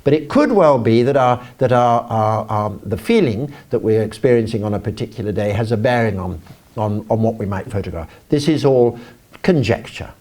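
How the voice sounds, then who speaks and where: An older English man speaking at a conference, animated and self-deprecating, rambling with restarts. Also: on the low side, moderate pace. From England. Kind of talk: live talk to an audience. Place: conference auditorium.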